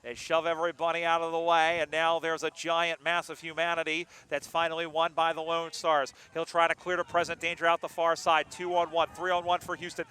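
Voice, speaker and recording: A man calling an amateur football game live, joking between plays and getting excited on big moments. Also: a little high, brisk, hardly any pauses, smooth. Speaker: play-by-play commentator. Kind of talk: live sports commentary.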